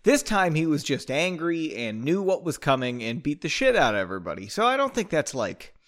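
A man's voice: on the high side, very animated, fairly quick, fairly bright tone. A man reading his own book aloud, with casual joking asides while sipping a drink.

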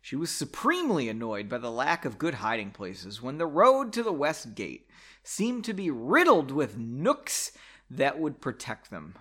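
A man's voice: mid-range voice, huge pitch swings, measured pace, fairly bright tone, slightly rough. A man reading his own novel aloud, stopping to make self-mocking comments on his writing. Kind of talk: reading aloud with chatty asides.

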